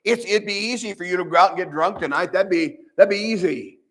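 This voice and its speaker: A man's voice: sits high, a little fast, fairly bright tone. An older man preaching a midweek sermon in church, earnest and folksy, often restarting his sentences and quoting scripture. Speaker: pastor. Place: church sanctuary.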